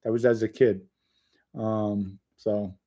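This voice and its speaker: A man's voice: lowish voice, flat delivery, takes it slowly, warm tone. A middle-aged man hosting a livestream, reading viewer comments aloud, joking with chatters and rambling through stories. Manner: rambling anecdotal storytelling. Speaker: livestream host. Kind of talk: casual livestream chat.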